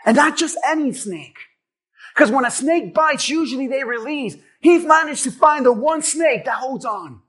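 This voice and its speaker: A male pastor preaching a sermon, dramatic and rising to shouts as he acts out what people would say. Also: extremely high pitch, animated, moderate pace. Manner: dramatic, shouting at peaks, acting out quotes.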